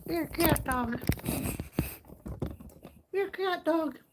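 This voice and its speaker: A woman's voice: very high voice, takes it slowly, very noisy. A woman hosting a casual livestream, chatting to viewers and talking sweetly to her dog. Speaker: livestream host.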